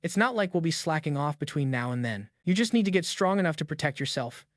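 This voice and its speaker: A bossy sacred sword mentor voiced by a man, handing out blunt orders with no softness. The voice sits a touch high for a man and sounds close and dry, with no room around it. This is storybook-style recap narration. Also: big pitch swings, fast talker, no echo. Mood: stern. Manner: blunt, matter-of-fact commands.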